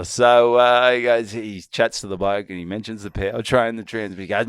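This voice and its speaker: Australian bloke, podcast co-host, crude yarn-spinner, dry close mic. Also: male voice, on the low side, steady tone, fairly quick, clean tone, no room sound. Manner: crude, laddish, acts out quoted voices. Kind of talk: casual storytelling chat.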